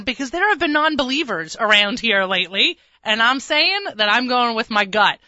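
A woman hosting a radio talk show, telling rambling commuter stories full of quick asides. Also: on the high side, expressive, bright, forceful tone, no echo, muffled recording. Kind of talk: casual radio chat. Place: radio studio.

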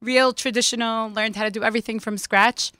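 A woman's voice: on the high side, steady tone, brisk, bright, forceful tone, dry recording, studio quality. A woman in her thirties, a home cook turned food business owner, talking eagerly as a radio guest. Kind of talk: casual chat.

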